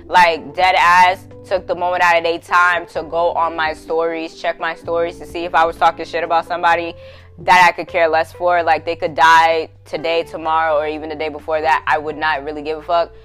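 A young adult woman hosting a podcast, telling a story in a casual, profane, slangy way and laughing loudly, with faint music behind her. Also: deep voice, little pitch movement, fairly quick. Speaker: podcast host.

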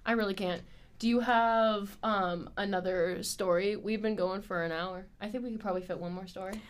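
A woman's voice: medium pitch, steady tone, normal speed, clear, resonant tone. A young woman guest on a podcast, chatting casually, giggly and swearing freely. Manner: giggly, swears a lot, laughs between lines. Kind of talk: casual chat.

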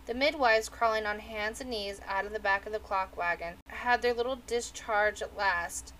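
A woman narrating a novel aloud in a steady, measured reading. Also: mid-range voice, a little hiss or hum, poor audio. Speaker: audiobook reader. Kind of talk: storybook narration.

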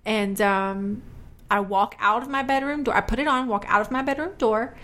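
A woman in her thirties co-hosting a casual chat podcast, telling a story with lively acted-out moments. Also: moderate pace. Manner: animated storyteller, jumps high when acting out scenes. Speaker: podcast co-host.

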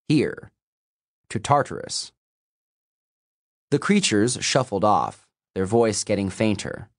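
A man narrating a fantasy novel as an audiobook, in a measured storytelling manner. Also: on the low side, no echo, studio quality. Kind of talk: scripted narration.

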